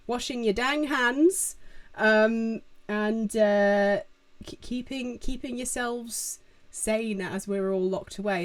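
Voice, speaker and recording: A young woman hosting a casual live-stream Q&A from a room at home, chatting with viewers and using many fillers. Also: fairly high pitch.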